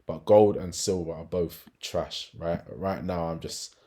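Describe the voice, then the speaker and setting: A man's voice: sits low, fairly even intonation, a little slow, dark tone. A man giving a casual market analysis walkthrough as a trading educator, chatty, with frequent tag questions and fillers.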